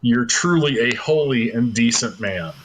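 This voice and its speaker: A man running a tabletop game as game master over a voice call, chatty and quick to laugh, often trailing off into repeated words. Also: medium pitch, lively intonation, a bit bright. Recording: noisy online call recording.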